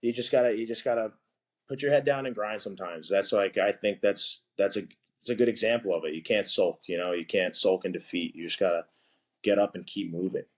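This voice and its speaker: Man, podcast guest, lowish voice, rambling chatty storyteller, laughs often between phrases. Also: a little fast. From from a blue-collar family. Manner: loose and chatty, heavy with "like" and "you know", laughs between phrases. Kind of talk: casual storytelling in conversation.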